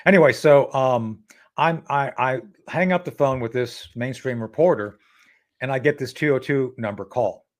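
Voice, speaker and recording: Animated man telling a story as a guest. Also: mid-range voice, normal speed. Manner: animated, acts out dialogue with frequent restarts. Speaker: interview guest. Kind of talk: casual storytelling interview.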